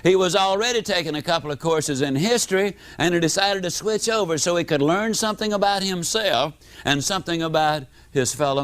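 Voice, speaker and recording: Higher-voiced man telling a story. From United States. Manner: animated, dramatic swings in pitch and loudness. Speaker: motivational speaker. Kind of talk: storytelling seminar speech.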